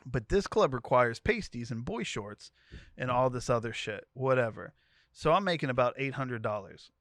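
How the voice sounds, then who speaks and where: A man co-hosting a podcast, retelling a wild story in an animated, comedic way. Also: medium pitch, moderate pace, dry recording, clean studio sound. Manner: animated storytelling, voicing each character. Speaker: podcast co-host. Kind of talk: comedic dramatic reading of a story.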